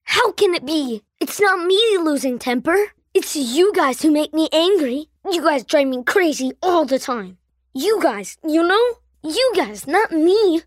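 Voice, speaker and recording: A woman's voice: high-pitched, animated, a little slow, no echo. A woman voicing Prince Gâté, a whiny boy prince. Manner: whiny, sulky. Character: bad-tempered young male prince, whiny.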